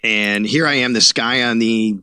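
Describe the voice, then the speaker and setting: A man's voice: mid-range voice, unhurried, sharp tone, clear, resonant tone, no room sound. A man from Buffalo, New York, a sports reporter who is a podcast guest, telling his story animatedly and acting out quoted dialogue. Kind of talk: casual storytelling interview.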